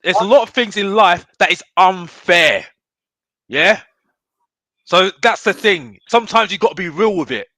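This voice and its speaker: A man talking casually about football, animated and constantly tacking on "yeah?". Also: high voice, normal speed, no echo. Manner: animated, keeps adding "yeah?". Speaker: football podcast guest. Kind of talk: casual chat.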